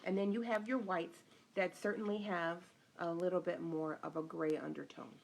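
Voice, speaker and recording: A woman's voice: lowish voice, steady tone, normal speed, gravelly. Chatty woman teaching a live design lesson. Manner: chatty, greets viewers by name mid-talk. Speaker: interior designer hosting a live stream. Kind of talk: casual live-stream design tutorial.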